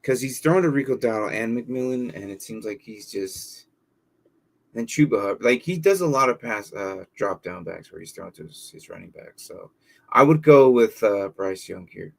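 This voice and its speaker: A man's voice: on the low side, expressive, normal speed, creaky. A man hosting a casual live stream, reading viewer questions and thinking aloud with plenty of fillers and repeated words. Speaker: livestream host answering fantasy football questions.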